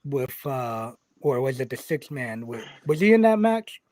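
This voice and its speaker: A man's voice: mid-range voice, a little slow, no echo. A man co-hosting a wrestling podcast, telling a story casually, swearing constantly and acting out the back-and-forth of what people said. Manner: animated, swears constantly, acts out quoted exchanges.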